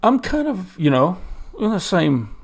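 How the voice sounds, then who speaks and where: A man's voice: high-pitched, big pitch swings, measured pace, creaky. A man hosting a casual talk show, speaking earnestly and repeating words as he starts his sentences. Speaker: podcast host. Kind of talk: casual chat.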